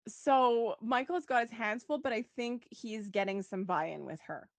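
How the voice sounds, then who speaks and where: Chatty higher-voiced woman on a podcast. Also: lively intonation, a little slow, no echo. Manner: chatty, quotes characters, laughs often. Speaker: podcast co-host. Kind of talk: casual chat recapping a soap opera.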